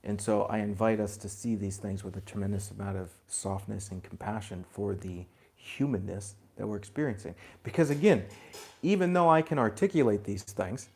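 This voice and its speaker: A man giving a spiritual talk to a group, gentle and reflective, chuckling now and then and dropping in blunt asides. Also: on the low side. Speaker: spiritual teacher.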